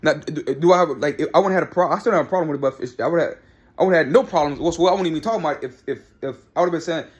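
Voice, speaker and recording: Fast, fired-up man ranting. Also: fairly high pitch. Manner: fired-up, repetitive, talks back to people by name. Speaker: sports commentary vlogger. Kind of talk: heated opinion rant.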